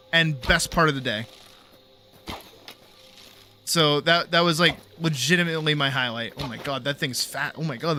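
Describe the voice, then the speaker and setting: A young man streams a game and rambles through a story in a relaxed way, swearing freely and saying "like" constantly. His fairly high voice is pushed and bright, with slight noise behind it.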